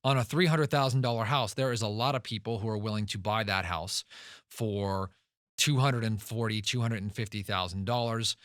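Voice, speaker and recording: A man's voice: lowish voice, moderate pace, fairly bright tone, no echo, studio quality. A man hosting a podcast who talks emphatically, tells stories and repeats words for stress. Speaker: podcast host and real estate investor. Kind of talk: podcast monologue.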